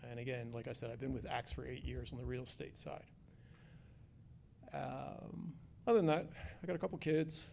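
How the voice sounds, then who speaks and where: A man's voice: mid-range voice, steady tone, moderate pace, creaky, a little mellow, a little hiss or hum. A man giving an informal community update as director of construction projects, joking and chatty, often restarting his sentences. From Philadelphia area.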